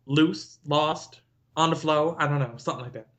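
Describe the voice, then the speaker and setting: A man's voice: fairly high pitch, normal speed, fairly bright tone. A man co-hosting a podcast, joking around playfully with crude humor in casual chat. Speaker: podcast co-host.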